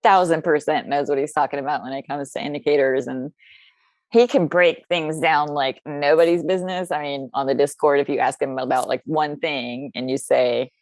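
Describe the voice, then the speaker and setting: Low-voiced chatty woman, dry close sound. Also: fairly even intonation, normal speed, darkish tone, no room sound. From United States. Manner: rambling and chatty with many restarts. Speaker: podcast guest. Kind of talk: casual podcast chat.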